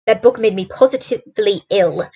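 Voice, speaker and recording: A woman voicing a conceited, brusque male detective who talks with boastful scorn, in a husky voice. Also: medium pitch, moderate pace, dark tone, lo-fi sound. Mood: scornful. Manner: sardonic, boastful.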